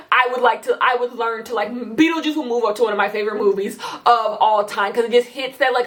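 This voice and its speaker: A chatty woman talking straight to her viewers in a casual review vlog. Her voice sits a little high, and she rambles along with lots of fillers. She repeats herself for emphasis. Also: a bit bright. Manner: enthusiastic, emphatic repetition. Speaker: vlogger. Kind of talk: casual chat, movie review.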